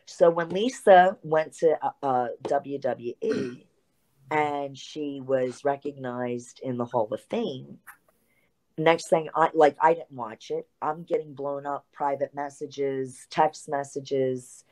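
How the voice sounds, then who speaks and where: A middle-aged woman, a former wrestler, telling a lively anecdote as an interview guest, full of asides and fillers. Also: a bass voice, slow pace. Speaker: guest, retired pro wrestler. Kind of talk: storytelling in an interview.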